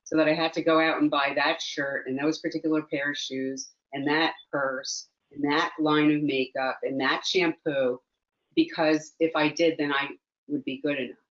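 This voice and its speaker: A woman's voice: deep voice, flat delivery, moderate pace. Earnest reflective woman on a dull call. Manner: earnest, reflective, repeats phrases for emphasis. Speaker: mindfulness teacher, guest. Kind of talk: relaxed conversational interview.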